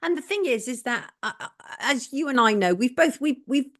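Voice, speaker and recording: A woman's voice: sits high, expressive, moderate pace, a bit bright. A woman with an English accent, hosting and chatting candidly and with strong opinions on a live talk show. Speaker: host. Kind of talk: casual chat.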